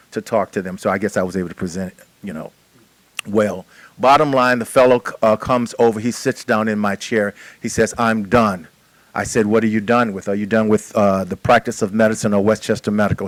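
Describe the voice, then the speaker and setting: A man with a low voice tells a conversational chaplaincy story at a forum. His delivery is plainspoken, and the sound is dry and close. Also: dry recording, low-quality recording. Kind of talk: conference presentation storytelling.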